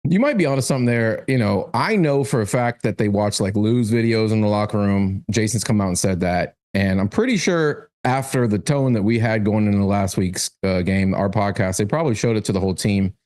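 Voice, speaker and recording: A man's voice: on the low side, brisk, hardly any pauses, a little mellow. A man co-hosting a sports podcast, chatting casually in a sarcastic, joking way. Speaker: podcast co-host.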